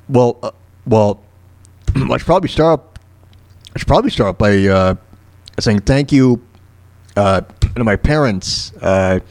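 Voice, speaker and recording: A man's voice: medium pitch, darkish tone. A man hosting an internet radio show and giving a heartfelt on-air thank-you. He is emotional, and his speech halts and stammers, full of fillers and restarts.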